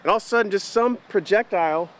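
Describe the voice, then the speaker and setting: A man telling a story to the camera in an animated, chatty vlog. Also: high voice, fast talker. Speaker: vlogger.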